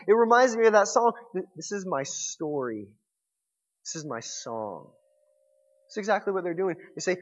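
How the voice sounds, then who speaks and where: A man in his forties preaching a sermon, telling stories in an animated way and often restarting his words. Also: high voice, unhurried, long pauses, husky, dull audio. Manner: animated storytelling with repeated restarts. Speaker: pastor.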